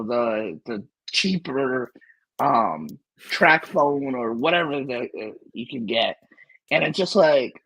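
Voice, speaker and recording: A man's voice: fairly high pitch, a bit bright, slightly rough, rough recording. A man hosting a casual tech livestream who talks animatedly, laughs often and trails off into restarts. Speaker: livestream host.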